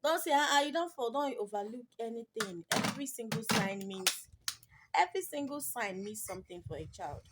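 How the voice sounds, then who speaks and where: Nigerian woman vlogger telling an emotional story. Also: medium pitch. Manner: emotional, rambling retelling, mixing English with Pidgin. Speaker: mommy vlogger. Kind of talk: personal storytelling to camera. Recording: noisy home video recording.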